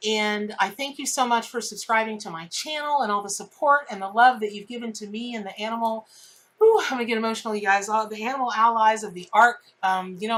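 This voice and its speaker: A woman's voice: mid-range voice, poor audio. A woman hosting a daily tarot reading on her channel. She talks in a chatty, heartfelt and self-deprecating way. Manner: chatty, emotional, self-deprecating, warm with viewers. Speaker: tarot reader and channel host. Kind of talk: casual spoken tarot reading to camera.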